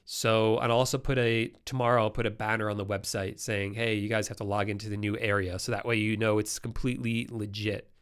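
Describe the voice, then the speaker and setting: A man's voice: fairly low pitch, flat delivery, fairly quick, hardly any pauses, clear, resonant tone. A man with a congested, nasal voice from a cold, hosting a casual live-stream Q&A and answering viewer questions in a chatty way.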